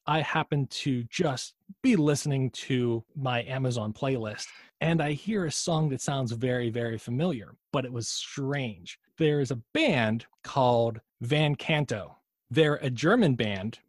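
A man's voice: medium pitch, lively intonation, measured pace, no echo, clean studio sound. A man co-hosting a podcast in casual chat, rambling through tangents and swearing freely. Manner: rambling, profane, admits his own tangents. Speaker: podcast co-host.

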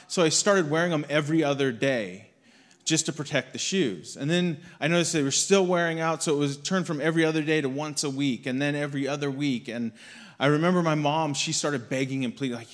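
This young adult guest speaker talks fairly quickly in a voice on the high side. In a church hall, he gives a conversational sermon drawn from a personal story, performing the quotes he cites.

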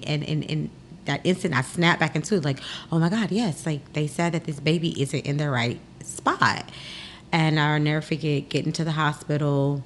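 A woman's voice: low-pitched, normal speed, a little hiss or hum. A young adult woman hosting a podcast, telling a personal story in casual talk and acting out the voices of the people in it. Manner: animated, acts out the voices of people in her story. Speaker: podcast host.

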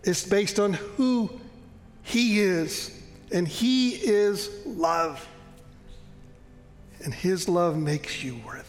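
Male pastor, sermon, high voice, earnest, emphatic, slows and softens, long church reverb. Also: soft background music. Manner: earnest, emphatic, slowing down and dropping to a soft hush on key lines.

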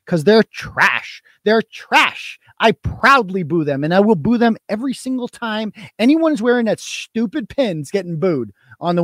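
A man's voice: high voice, dry recording, studio quality. A man hosting a live stream, talking in a casual, profane, mocking and rambling way. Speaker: host.

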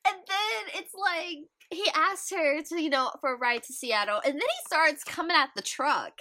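Bright high-voiced woman co-host. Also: lively intonation, moderate pace. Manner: exasperated, emphatic, gushing. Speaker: podcast co-host. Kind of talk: casual book-discussion chat.

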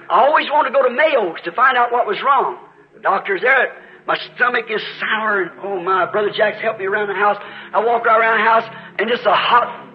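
A man with a high-pitched voice preaches to a congregation, wandering through a personal testimony with earnest, rambling asides. He speaks straight to the people in the pews. The recording sounds dull and lo-fi. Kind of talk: sermon testimony storytelling. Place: church before a congregation.

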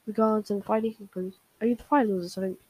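A woman's voice: mid-range voice, steady tone, fast, darkish tone, slightly rough, no echo, lightly acted, poor audio. A woman reading the lines of an eager young woman in a fan story she reads aloud. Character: young woman calling out to an old friend.

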